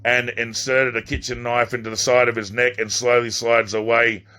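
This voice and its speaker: A man's voice: mid-range voice, flat delivery, sharp tone, smooth. A man reading his own novel aloud as an amateur audiobook, stumbling and restarting lines now and then. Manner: halting reading with restarts and slips.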